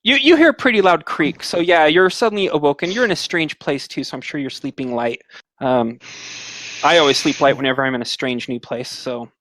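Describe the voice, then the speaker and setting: A man's voice: on the high side, a little fast, a bit bright, no echo. A man narrating a tabletop game as game master, describing scenes at length with many fillers.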